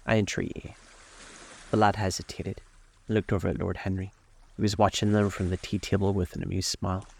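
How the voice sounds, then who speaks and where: A man reading a classic novel aloud as calm audiobook narration, slow and measured. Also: low-pitched, gravelly, husky. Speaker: storyteller. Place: outdoors on a lakeside deck.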